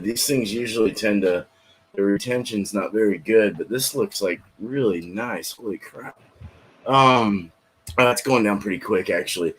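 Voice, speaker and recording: A man's voice: mid-range voice, a little hiss or hum. A man hosting a casual beer review livestream, talking loosely with laughing outbursts. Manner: loud, laughing outbursts and shouted impressions. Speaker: host.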